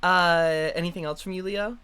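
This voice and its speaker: A man acting as game master of a tabletop role-playing session, relaxed and accommodating as he calls for checks. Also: high-pitched, normal speed, clear, resonant tone.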